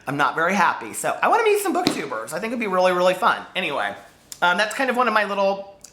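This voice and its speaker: A man's voice: sits high, wildly swooping pitch, fast, reverberant, noisy background. A man chatting casually to camera as a book vlogger, rambling and jumping between topics.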